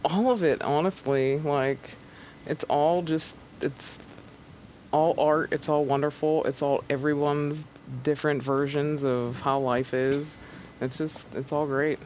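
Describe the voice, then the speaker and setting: A woman in her thirties from Pennsylvania, an actress being interviewed in casual chat, relaxed and quick to laugh. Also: low voice, a little hiss or hum, poor audio. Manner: relaxed, laughs easily, trails off. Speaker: actress guest.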